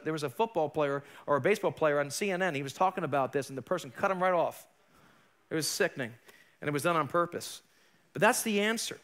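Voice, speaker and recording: Emphatic male pastor, high bright voice. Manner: emphatic, rising to forceful peaks. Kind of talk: sermon. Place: church sanctuary.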